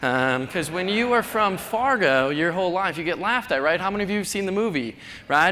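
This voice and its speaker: A man's voice: lively intonation, a little fast, pushed and bright. A man in his thirties from North Dakota giving a chatty, self-deprecating conference talk in a large hall. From North Dakota, USA. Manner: chatty, self-deprecating, acts out quoted people in a higher voice. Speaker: conference speaker. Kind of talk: keynote talk. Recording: long hall reverb, faint noise.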